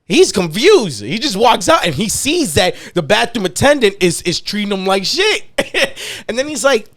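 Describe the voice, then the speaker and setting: A man tells a wild story on a podcast, swearing freely and laughing at his own punchlines. His voice sits fairly high and swings up and down a lot. The studio sound is dry and close. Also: sing-song, moderate pace, fairly bright tone, no echo. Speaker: podcast host telling a story. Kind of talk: casual storytelling chat.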